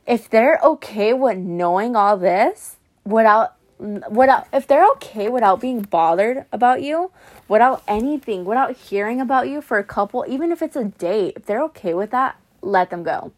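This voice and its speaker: A woman's voice: fairly high pitch, animated, moderate pace. A young woman vlogging heartfelt advice about letting go after a breakup, earnest and repetitive, calling the listener honey. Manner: earnest, repeats phrases for emphasis, calls listener honey. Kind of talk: emotional pep talk to camera.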